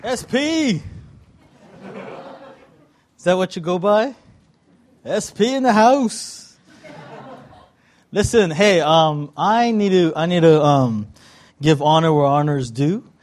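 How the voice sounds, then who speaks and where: Higher-voiced, playful guest preacher. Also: male voice, takes it slowly, long pauses. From Southern California. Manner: playful, joking with the audience. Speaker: guest pastor. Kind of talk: sermon.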